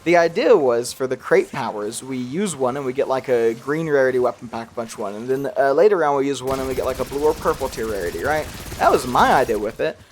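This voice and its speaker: A man's voice: mid-range voice, expressive, brisk, hardly any pauses. A young man with a faint accent he tries to hide talks through a game he is playing. His commentary rambles and pokes fun at himself, and he laughs often in an ordinary mid-range voice. A faint hiss sits under the recording. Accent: slight regional accent he tries to hide. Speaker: gaming youtuber. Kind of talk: casual gameplay commentary.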